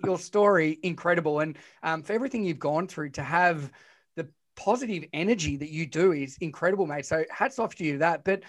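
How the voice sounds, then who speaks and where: A man hosting a podcast, chatting informally and enthusiastically with his guest. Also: high-pitched. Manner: enthusiastic, informal, says "mate". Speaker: podcast host. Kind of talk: casual interview chat.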